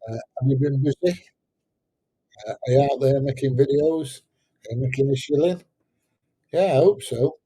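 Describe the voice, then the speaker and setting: Hesitant husky man. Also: medium pitch, steady tone, normal speed, long pauses, dark tone, poor audio. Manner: rambling and hesitant, many fillers. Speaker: livestream host answering chat. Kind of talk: casual livestream chat.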